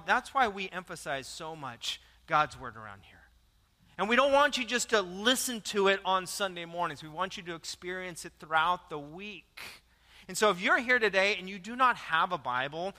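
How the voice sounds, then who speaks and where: Male pastor, high and punchy, animated storytelling sermon, long church echo. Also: normal speed. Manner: animated storytelling with repeated words and jokes. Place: church sanctuary.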